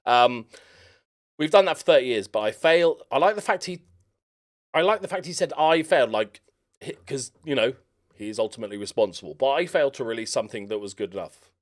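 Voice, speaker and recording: Animated man reacting to gaming news. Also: medium pitch, fairly quick. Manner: chatty, breaks off to joke and laugh between read passages. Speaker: gaming YouTuber. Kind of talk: reaction commentary reading an article aloud.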